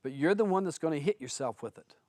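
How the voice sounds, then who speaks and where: A man's voice: fairly high pitch, expressive, fast, darkish tone, no room sound, clean studio sound. A man who is a spiritual teacher, giving a blunt, conversational seminar talk full of stories to an audience.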